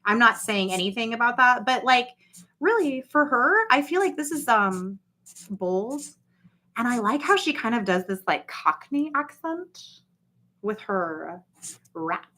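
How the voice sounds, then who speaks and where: Woman, casual livestream chat, rambling, swears, speaks to viewers, unhurried. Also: a little high, big pitch swings, pushed and bright. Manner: rambling, profane, talks straight to viewers. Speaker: livestream host.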